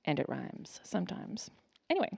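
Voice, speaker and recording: A woman's voice: fairly low pitch, wildly swooping pitch, normal speed, gravelly, a little mellow, slightly rough. A woman emceeing lightning talks at a conference, introducing speakers with breezy, offhand asides. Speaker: session host. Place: conference stage.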